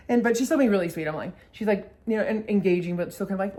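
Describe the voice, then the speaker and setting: A woman's voice: mid-range voice, fairly quick, pauses often, warm tone. A young woman vlogger telling a story casually, swearing a lot and acting out the quotes.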